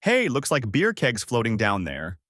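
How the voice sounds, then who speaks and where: A man's voice: mid-range voice, moderate pace, no echo, studio quality. A man voicing jovial, jokey sailors on a boat. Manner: jokey, excited. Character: jovial adult male sailors.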